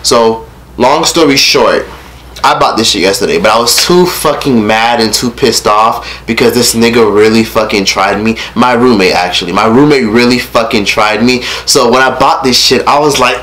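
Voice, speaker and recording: A man in his late teens telling a story over a casual mukbang meal at home. He rants in a profane, animated way and eats between sentences. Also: medium pitch, brisk. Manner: eating while talking. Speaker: vlogger. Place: his rented room at home.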